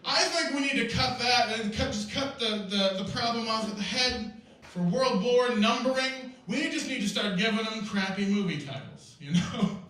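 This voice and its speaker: A man with a high, bright voice performs stand-up on a festival stage, rambling through absurd bits with excitable energy. The sound is echoey and a little distant, caught in a live room. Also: moderate pace. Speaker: stand-up comedian. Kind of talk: stand-up comedy set.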